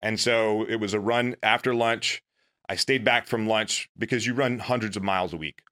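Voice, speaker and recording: Man, casual storytelling, self-deprecating, bright lower voice. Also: fairly even intonation, moderate pace. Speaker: former Navy SEAL guest.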